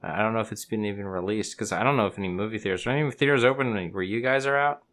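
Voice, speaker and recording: Low, bright-voiced podcast host. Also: male voice, very fast. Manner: laid-back, teasing banter. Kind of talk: casual chat.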